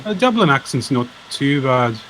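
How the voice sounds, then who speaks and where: A man's voice: mid-range voice, very animated, normal speed, fairly bright tone, a little hiss or hum, low-quality recording. A man chatting casually on a live stream, loose and full of fillers.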